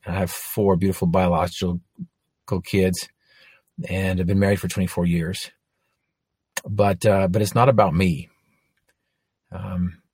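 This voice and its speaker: Low husky man telling his testimony. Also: darkish tone, no room sound, clean studio sound. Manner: earnest storytelling with frequent restarts. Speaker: inspirational speaker. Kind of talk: faith testimony talk.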